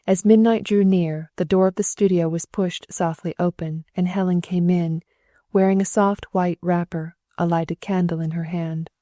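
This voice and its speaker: A woman narrating a classic novel as an audiobook, gentle and measured, close to the mic. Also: on the low side, steady tone, dry recording. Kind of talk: scripted narration.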